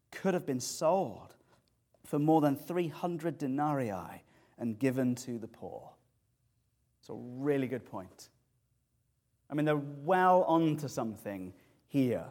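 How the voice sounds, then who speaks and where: A man delivers a sermon with lively, animated expository preaching. His voice sits a little higher than most men's. He turns word studies into vivid storytelling.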